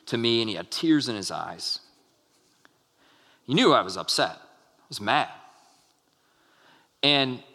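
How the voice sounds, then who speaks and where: A man in his thirties preaching a sermon, telling a story in a relaxed, conversational way with many fillers and restarts. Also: mid-range voice. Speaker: pastor. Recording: long hall reverb.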